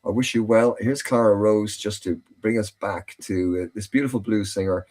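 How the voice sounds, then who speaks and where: A man's voice: fairly low pitch, steady tone, moderate pace, a little mellow. A man hosting a casual podcast chat, telling anecdotes in a chatty way with many restarts. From Ireland. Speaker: host.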